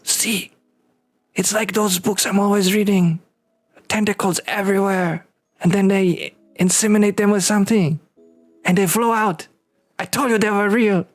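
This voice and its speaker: A man's voice: mid-range voice, unhurried, a little mellow, no room sound, faint music behind, lightly acted. A man voicing a lecherous, overly polite male alien doctor who talks with a French accent. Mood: excited whisper.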